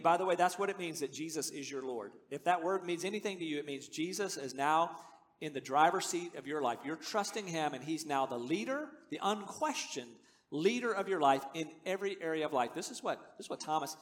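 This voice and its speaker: A man's voice: fairly high pitch, animated, brisk. A man in his fifties preaching a sermon as pastor, earnest and conversational, building to emphatic declarations. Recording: long reverb of a large hall.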